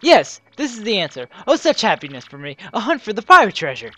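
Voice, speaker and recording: Woman doing a pompous rich merchant guy, slow showy fake accent, bouncy lively pitch. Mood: theatrical. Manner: grand, theatrical foreign-sounding put-on accent, slow drawn-out delivery. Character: flamboyant wealthy male merchant, vain and dramatic. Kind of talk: reading game dialogue aloud in character.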